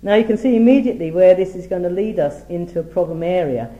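A middle-aged man teaches from the Bible in a measured way, stressing the words when he reads scripture aloud. His voice is very dark and mellow, yet sits a little high for a man. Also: echoey room, muffled recording. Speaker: preacher.

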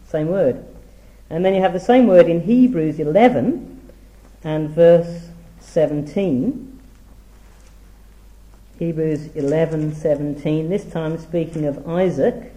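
Dark-toned man teaching scripture. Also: a little high, expressive, reverberant, low-quality recording. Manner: measured, reads scripture aloud with emphasis. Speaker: preacher. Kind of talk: Bible teaching talk.

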